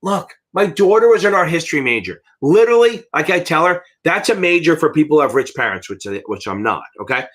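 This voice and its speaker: A middle-aged American man with a fairly high-pitched voice runs a live exam-prep Q&A. He talks bluntly and rambles, swearing often as he answers questions. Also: lively intonation, brisk, hardly any pauses, a bit bright. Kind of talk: live Q&A teaching.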